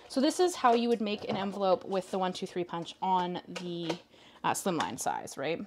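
Young canadian woman chatting on a craft stream, talks to her chat and her cat, picks colors out loud. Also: fairly low pitch, animated, moderate pace, noisy background. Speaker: craft video host. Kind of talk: casual live-stream chat while crafting.

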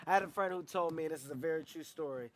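Man, comedian, from Philadelphia, high voice, energetic, animated storytelling. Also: rapid-fire. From Philadelphia, United States. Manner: energetic, animated, breaks into laughter. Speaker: comedian, interview guest. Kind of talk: interview chat and storytelling.

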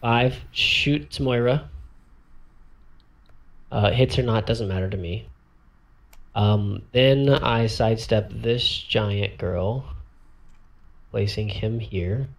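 A man's voice: lowish voice, takes it slowly, creaky, long pauses. A man thinking aloud as he walks through a tabletop game turn, counting squares and correcting himself as he goes. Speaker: tabletop miniatures player walking through a turn. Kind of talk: thinking aloud while demonstrating game moves.

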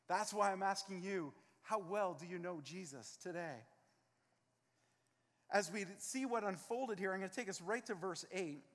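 A man's voice: high-pitched, in a large hall. A man preaching a sermon as pastor, earnest and emphatic, acting out scenes from the text. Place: church sanctuary.

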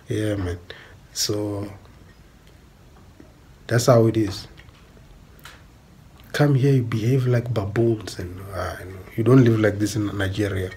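A man's voice: lowish voice, fairly even intonation, takes it slowly, pauses often, dark tone, slight background noise. A South African man ranting bluntly on a stream, repeating himself and swearing. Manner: blunt, repetitive, swearing, emphatic. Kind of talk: angry ranting monologue.

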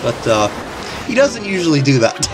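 A casual gameplay commentator chatters through a boss fight, quick to cheer and giggle. The voice jumps around a lot in pitch and sits at a middling height. Video game music plays clearly behind the talk. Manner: excitable, giggles often. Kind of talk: casual let's-play commentary.

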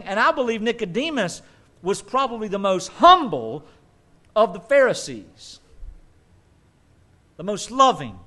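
A man preaching a sermon as pastor, emphatic and conversational, with quick asides. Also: high-pitched, a bit bright.

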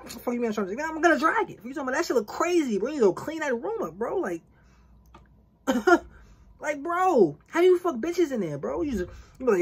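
A reaction-video host with a deeply husky, breathy voice pitched a bit high for a woman. Her delivery swings up and down a lot as she jokes, swears and slips into playacted exchanges in casual street slang. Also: sing-song, fast. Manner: profane, joking roast with street slang; acts out imagined dialogue.

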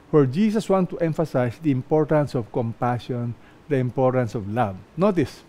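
Man, pastor, sermon, slightly high voice, emphatic, repeats phrases. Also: darkish tone. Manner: slow, emphatic preaching with pauses and repeated phrases.

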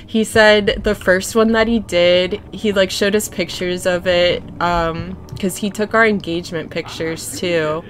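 Slow-talking, low-voiced young woman streamer. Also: a little hiss or hum. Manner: chatty storyteller, giggly, animated when quoting people. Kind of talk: casual gameplay chat.

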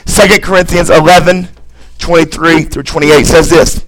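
A man preaching a sermon in a church, hammering repeated phrases, building to shouts, then reading scripture quietly. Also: a little high, steady tone, moderate pace, rough recording. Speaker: pastor. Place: church sanctuary.

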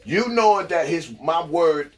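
A man's voice: a little high, lively intonation, a little slow. A man doing a profane, preachy rant into the camera, hammering the same phrases over and over. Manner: repetitive, emphatic, preachy. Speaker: vlogger. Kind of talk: profane street-talk rant.

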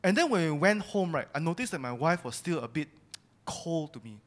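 High-voiced man giving candid church testimony. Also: lively intonation, a little fast. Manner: candid, confessional storytelling. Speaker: church speaker sharing testimony. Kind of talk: personal testimony sermon.

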